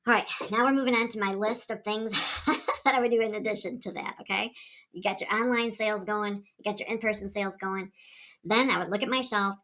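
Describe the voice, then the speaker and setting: A woman's voice: mid-range voice, steady tone, a little fast, pushed and bright. A woman giving sales advice in an upbeat, coaxing way, often checking in with "okay?". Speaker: direct sales consultant. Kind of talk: advice video.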